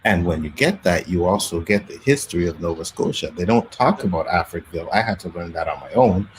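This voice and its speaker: Deep-voiced Canadian man, chatty storyteller. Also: brisk, slight background noise, rough recording. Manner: animated storytelling, acts out quotes, laughs often. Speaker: podcast host. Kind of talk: casual chat.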